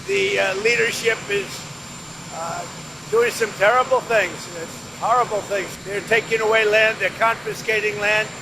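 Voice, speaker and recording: A man's voice: high voice, fairly even intonation, moderate pace, creaky, noisy background. A man speaking emphatically in press remarks, repeating his points. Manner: repetitive, emphatic.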